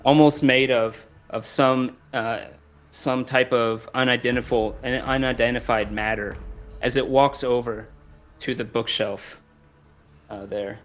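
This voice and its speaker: A man narrating as game master of a tabletop game, slow and halting with many fillers. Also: medium pitch, fairly even intonation, fairly bright tone, faint music behind.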